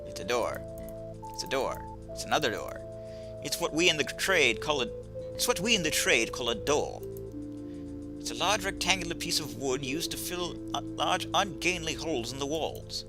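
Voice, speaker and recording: A man voicing a sardonic gentleman cat burglar in a put-on British accent, deadpan and wry, for a video game. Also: a little high, moderate pace, over music, lightly acted. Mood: rambling. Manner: dry, deadpan, wry asides. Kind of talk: video game voice-over reading.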